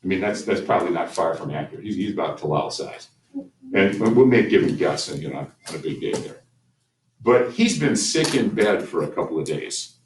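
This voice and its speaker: Man, history teacher, storytelling lecture, low voice, distant echoey room recording. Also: very animated, moderate pace. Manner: storytelling, conversational with repeated restarts. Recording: roomy, distant mic with faint ambient noise.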